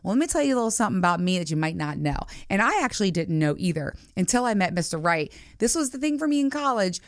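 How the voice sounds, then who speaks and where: A woman's voice: medium pitch, sing-song, quick pace, no echo, studio quality. A woman in her forties hosting a podcast, talking frankly and explicitly in casual chat with many fillers. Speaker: podcast host.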